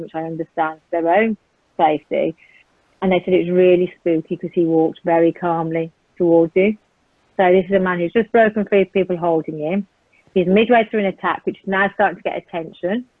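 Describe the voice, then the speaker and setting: A woman's voice: on the low side, no room sound. A woman with a British accent giving earnest, vivid personal testimony in a conversation, retelling events in the present tense with frequent ums. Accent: British English. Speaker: guest recounting a violent attack. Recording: tinny phone line, dry.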